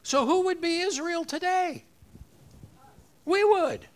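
A man's voice: very high-pitched, slow. A man preaching a sermon, rising on key phrases and leading the congregation in repeating lines. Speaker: pastor.

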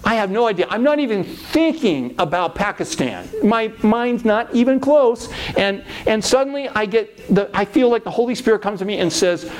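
A middle-aged man, a pastor, telling a personal faith story in a lively way and acting out the voices he quotes. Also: high voice, moderate pace, hardly any pauses.

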